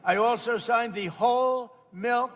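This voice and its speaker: A man's voice: very high voice, unhurried, fairly bright tone, in a large hall. An older American man speaking off the cuff at a roundtable, rambling and boastful, repeating his phrases. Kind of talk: off-the-cuff speech. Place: indoor event hall.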